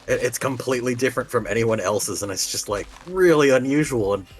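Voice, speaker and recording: A man talking in casual livestream voice chat. He rambles in an animated way, swears freely and laughs often. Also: mid-range voice, fairly quick, breathy edge. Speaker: stream guest player. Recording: faint game music underneath.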